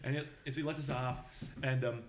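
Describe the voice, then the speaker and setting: A middle-aged man from the Boston area telling a long anecdote in casual conversation, halting with many fillers and restarts and mimicking other people's voices in much higher tones. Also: fairly even intonation, a loud crowd. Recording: roomy echo.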